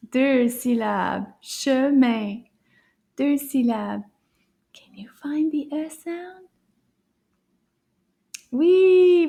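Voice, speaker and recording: A woman teaching words to children, modeling them slowly, praising the listener, and dropping into soft whispered asides. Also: sits high. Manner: slow, drawn-out word modeling with frequent soft whispered asides. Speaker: French teacher for kids. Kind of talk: children's language lesson.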